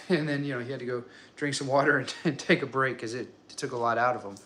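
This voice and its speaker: A man in his thirties telling the story of his son's birth in a casual, animated way, acting out what people said and chuckling often. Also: mid-range voice, rapid-fire.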